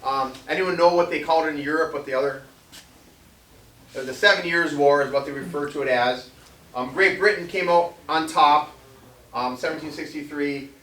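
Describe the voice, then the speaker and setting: A man speaking at a moderate pace, his voice on the high side and a little bright, delivers an informal history talk to a live crowd at a veterans center hall. His delivery wanders, full of ums, false starts and joking asides, and the recording picks him up from a distance in the hall's echo.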